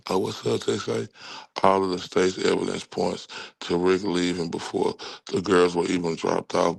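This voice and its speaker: A man with a low, gravelly voice and a Texan accent delivers angry true-crime commentary, cursing and speaking directly to his viewers.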